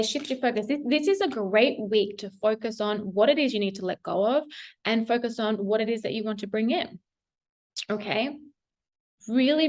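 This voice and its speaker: A woman's voice: a little high, darkish tone. A young adult woman giving a casual tarot reading, chatty and encouraging, laughing often and talking with many fillers. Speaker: tarot reader.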